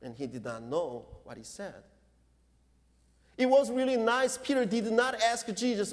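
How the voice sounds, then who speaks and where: Slow-preaching pastor, high voice. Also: male voice, animated. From Korea. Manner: slow, deliberate preaching with non-native English phrasing. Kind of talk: sermon. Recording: long reverb of a large hall.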